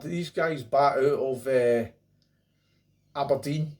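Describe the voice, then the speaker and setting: In a slow, mid-range voice with a darkish tone, a middle-aged Scottish-accented man from Scotland delivers a casual beer review monologue to camera. He rambles and chats, dropping jokey asides along the way.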